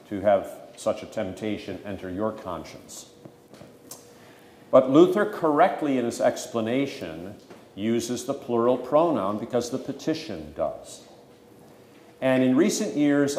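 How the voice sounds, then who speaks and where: A man's voice: medium pitch, a little mellow. Male pastor teaching catechism, emphatic w dry jokes, echoey room. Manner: emphatic, conversational with dry humor. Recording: echoey room with faint ambient noise.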